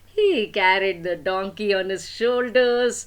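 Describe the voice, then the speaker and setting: A woman's voice: mid-range voice, unhurried. An older woman telling a silly story to children, playful, asking her listeners questions and adding sound effects.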